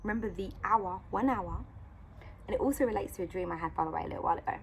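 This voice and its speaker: A woman's voice: medium pitch, racing, gravelly, slight background noise. A woman telling a story to her phone camera, chatty and full of "like" and "you know", acting out the other people in it. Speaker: vlogger sharing encouragement. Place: outdoors in sunlight. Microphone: phone camera at arm's length.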